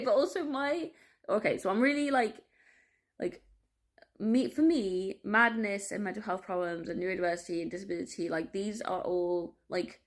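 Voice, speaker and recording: A woman vlogging a candid personal monologue, rambling, swearing freely and breaking off with laughs and quick apologies. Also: mid-range voice. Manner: restless, self-interrupting, apologetic asides.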